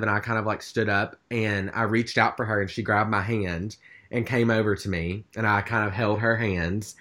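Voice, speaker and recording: Casting: male co-host, slightly low voice, rambling and chatty storyteller. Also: a bit bright. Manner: rambling, chatty, with many fillers. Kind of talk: casual storytelling chat.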